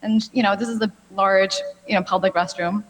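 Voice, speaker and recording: A woman's voice: mid-range voice, fairly even intonation, brisk. Woman doctor presenting in an echoing hall. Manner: friendly, chatty, uses many fillers. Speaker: gynecologic oncologist giving a talk. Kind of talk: health expo presentation. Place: large hall. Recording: long hall reverb.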